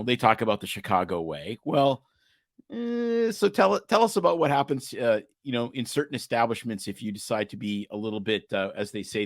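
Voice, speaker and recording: A man with a low voice hosts a podcast, asking long, meandering questions full of pauses and fillers. The sound is dry and close. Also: dry recording. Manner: rambling, hesitant questions. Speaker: podcast host. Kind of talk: interview conversation.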